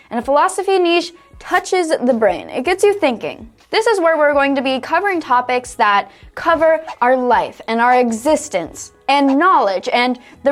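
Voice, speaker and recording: Upbeat chatty young woman tutorial host. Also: fairly high pitch. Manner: upbeat, chatty, laughs often. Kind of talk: casual screen-recorded tutorial.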